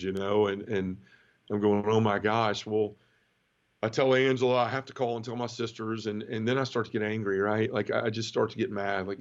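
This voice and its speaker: A middle-aged man from the southern United States, giving an emotional personal testimony in an interview, halting and full of restarts. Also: fairly low pitch. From Memphis area, southern United States. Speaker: guest. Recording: dull lo-fi audio.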